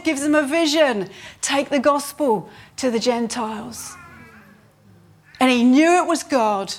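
A woman delivers an earnest sermon in a fairly high voice. She lifts her pitch to stress key points and slows down when reading scripture aloud. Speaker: preacher.

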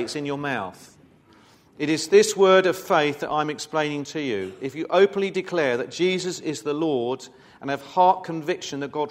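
A man with a fairly high voice preaches a sermon, reading scripture aloud. He keeps breaking away from the text for relaxed, conversational asides to the congregation.

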